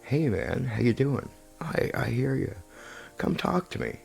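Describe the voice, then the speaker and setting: A man voicing a small, nice but slightly deceitful male halfling thief, speaking softly and in a friendly way. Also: mid-range voice, huge pitch swings, a little slow, creaky, faint music behind, pitched above the performer's own voice, heavily acted. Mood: sly, friendly. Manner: soft, friendly and a bit deceitful. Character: soft-spoken sly male halfling thief.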